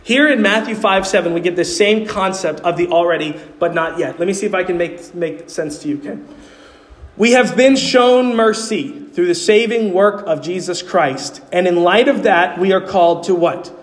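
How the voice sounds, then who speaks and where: A man's voice: high voice, moderate pace. A man preaching a sermon as pastor, earnestly asking his congregation questions as he explains. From New York City. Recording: long hall reverb.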